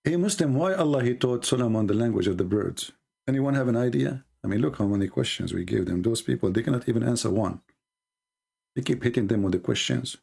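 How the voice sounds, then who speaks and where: Male debate host, husky voice with lively swings in pitch, sarcastic and mocking, keeps throwing rhetorical questions. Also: quick pace. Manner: tosses rhetorical questions at listeners. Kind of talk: live online debate commentary.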